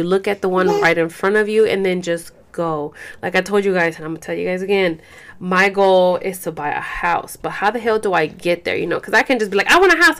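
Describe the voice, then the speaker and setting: A young woman vlogger at home, caring for a baby, talks candidly to camera with a mid-range, fairly bright voice. Her delivery is loose and casual, packed with fillers and swearing.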